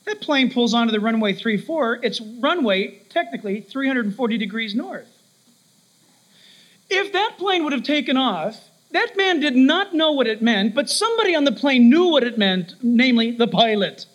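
Man, preacher, sermon, very high pitch, animated, acts out voices in stories. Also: normal speed, muffled recording.

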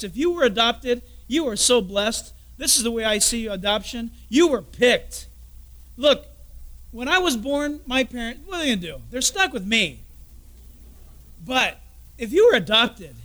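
High bright-voiced male preacher. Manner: storytelling preacher, drops to soft confiding asides. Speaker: pastor. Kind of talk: sermon.

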